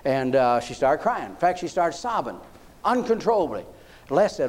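This preacher talks a little fast in a folksy, animated style, repeatedly checking in with his congregation. His pitch runs high for a man and moves through wide swings.

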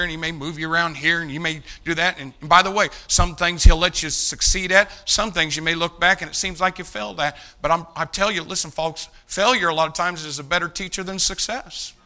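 A man's voice: fairly high pitch, bright, forceful tone. A man preaching a sermon, emphatic, calling out to the congregation and addressing people by name. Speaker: pastor.

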